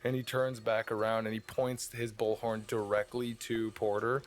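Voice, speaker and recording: A man's voice: on the low side, level tone, normal speed. A man narrating a tabletop game as dungeon master, describing the scene with frequent fillers and restarts.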